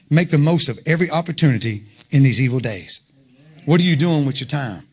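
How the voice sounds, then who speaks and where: A man preaching an informal sermon, conversational and emphatic, full of rhetorical questions. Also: fairly high pitch.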